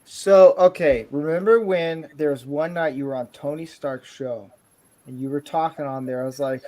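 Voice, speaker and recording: Casual streamer host: man with a slightly high voice, rambling, jokey, keeps restarting sentences. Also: fairly even intonation, moderate pace, dark tone. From southern Florida. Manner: rambling, joking, self-interrupting. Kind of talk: casual chat. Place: California home.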